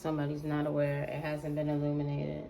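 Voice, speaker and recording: A woman's voice: deep voice, completely flat delivery, creaky, dark tone, slight background noise, rough recording. A woman giving a casual, slangy tarot reading to her viewers, repeating phrases and drawing words out. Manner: slangy, drawn-out repetitions. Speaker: tarot reader.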